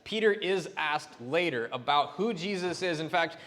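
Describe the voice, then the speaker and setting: A man's voice: a little high, animated, moderate pace, fairly bright tone. A man preaching a sermon as a pastor, chatty and loose, with fillers and restarts. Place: church sanctuary. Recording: long reverb of a church hall.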